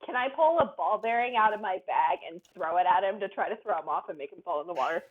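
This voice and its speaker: A woman's voice: mid-range voice, lively intonation, fast talker, slightly rough, narrow, tinny audio. A woman playing a tabletop game in a playful, giggly way. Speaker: player. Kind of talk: casual tabletop role-play.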